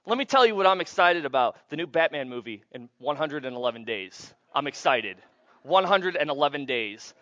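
A man preaching a sermon as pastor, playful and animated, acting out little scenes for the congregation. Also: a little high, brisk, no echo, dull audio.

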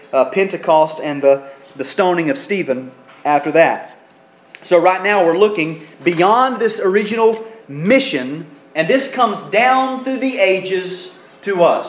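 A man with a high voice preaches an expository sermon, teaching earnestly verse by verse. He acts out the quoted speech with some life. The recording rings with the echo of a church sanctuary. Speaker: pastor.

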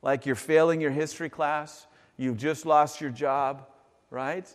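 A man preaches to his congregation, moving between animated, everyday talk and reading scripture aloud. His voice sits a little high for a man. The sound rings with the long reverb of a church hall. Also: measured pace. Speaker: pastor. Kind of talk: sermon.

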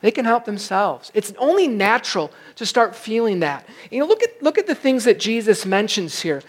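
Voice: medium pitch, sing-song, moderate pace. Emphatic conversational pastor preaching. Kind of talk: sermon.

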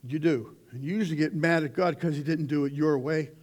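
A man preaching a conversational sermon, swinging between loud outbursts and hushed asides. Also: fairly high pitch, steady tone, a little fast. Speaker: pastor.

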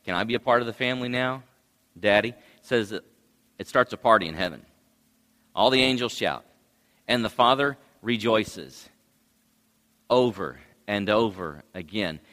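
A male pastor delivers a sermon in a slow, low, bright voice. His preaching rises into loud cries at times. The sound carries the long reverb of a church hall.

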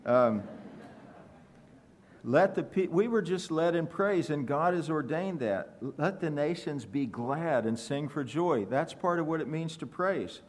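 A man's voice: fairly high pitch, animated, unhurried. Man, preacher, sermon, conversational, questions to the congregation. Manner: conversational, asks the congregation questions, joking asides.

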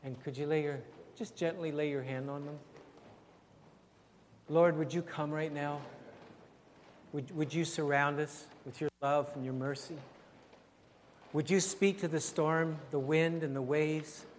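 An older man, preaching and praying in a church in a gentle, unhurried way, repeating phrases and often dropping very soft. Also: a little high, steady tone, a little hiss or hum. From Canada. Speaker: pastor. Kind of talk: sermon and prayer. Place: church sanctuary. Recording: long hall reverb, faint ambience.

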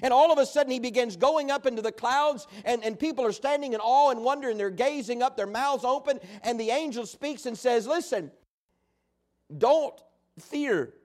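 High-voiced preacher. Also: male voice, a little fast, few pauses. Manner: animated storytelling preacher, folksy. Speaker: pastor. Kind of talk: sermon.

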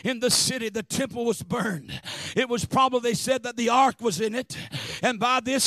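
A middle-aged man preaching a sermon, shouting and chanting, calling for amens from the congregation. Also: very high voice, normal speed, dry recording.

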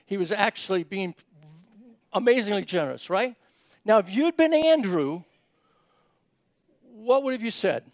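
A man's voice: sits high, expressive, measured pace, long pauses, dry recording. A man giving a sermon in a conversational way, often repeating words as he starts sentences and asking the audience questions. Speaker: preacher.

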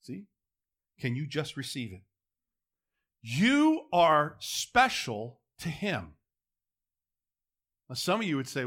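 Middle-aged guy preaching, voice jumps all over, bright and pushy, goes soft then loud. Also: a little high, takes it slowly, long pauses. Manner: animated, swinging between quiet asides and loud emphatic peaks. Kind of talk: sermon.

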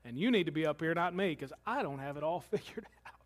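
Male pastor, fairly high voice, relaxed sermon delivery with joking asides to the congregation. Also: quick pace. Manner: conversational preaching with humorous asides.

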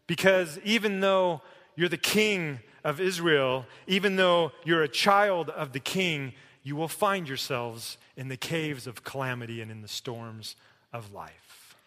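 A middle-aged man preaching a sermon, emphatic, swinging between loud declarations and hushed pleading. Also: on the high side, measured pace. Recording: long hall reverb.

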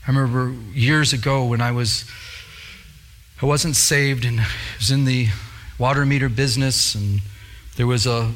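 A man's voice: on the high side, pushed and bright. A middle-aged man, a pastor, preaching an earnest sermon, repeating his phrases and telling stories along the way.

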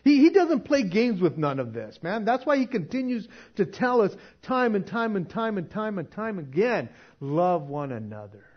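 A man preaching a casual sermon, chatty and laughing often, shifting from quiet, soft passages to loud emphatic ones. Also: high-pitched, very animated, normal speed, hardly any pauses, husky, muffled recording.

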